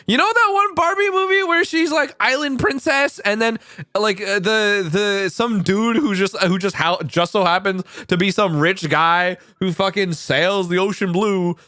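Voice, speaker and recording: A man's voice: high-pitched, measured pace, pushed and bright, clear, resonant tone, no echo, clean studio sound. A young man streaming casual chat, rambling and swearing a lot, laughing often.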